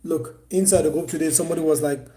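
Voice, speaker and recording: A man's voice: on the high side, fairly even intonation, fast, dark tone. A man hosting a casual live stream, coaching viewers on online selling in a repetitive, persuasive way. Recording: echoey room.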